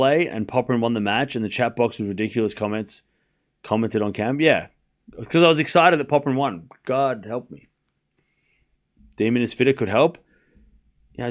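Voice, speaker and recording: A man hosting a live tennis watchalong stream, calling the score and chatting casually with his viewers in an excitable, teasing way. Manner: excitable, jumps up in pitch and volume, chats with viewers; teasing, laughs often.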